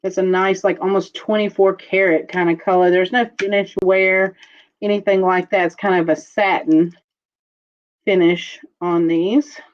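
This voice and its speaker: A woman hosting a casual live-streamed jewelry auction, chatting slowly as she describes pieces and calls out viewer bids. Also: on the low side, level tone, dull audio.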